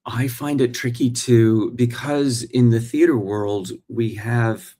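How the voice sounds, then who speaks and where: Speaking slowly in a dark-toned, mid-range voice, a working actor in his forties hosts a casual morning stream. He's chatty, addressing his viewers directly and reading what they post.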